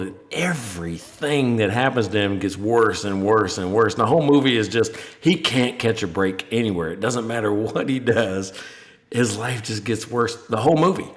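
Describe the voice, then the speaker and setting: A man co-hosting a podcast, chatting casually in a rambling, joking way and trailing off while he hunts for words. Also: mid-range voice. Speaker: podcast co-host. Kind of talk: casual chat.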